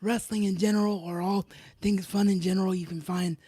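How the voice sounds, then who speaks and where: A woman hosts a live review of a wrestling show, talking enthusiastically and doubling up her emphatic words. Her voice is mellow and a little husky. It sounds dry and close. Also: mid-range voice, fairly even intonation, brisk, no room sound.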